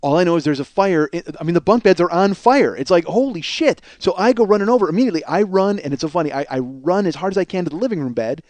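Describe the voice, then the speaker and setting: A man in his forties hosting a podcast, telling a comic story from his childhood in an animated, profane way. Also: very fast, hardly any pauses, no room sound. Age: 40s. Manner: animated, profane, acts out voices with big pitch swings. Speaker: podcast host.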